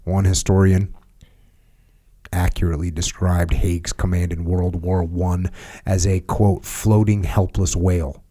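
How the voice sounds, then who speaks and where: Man, podcast host, lowish voice, reads passages then riffs animatedly. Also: unhurried. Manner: deep voice, animated tangents, mimics bosses. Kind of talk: reading a book aloud and commenting.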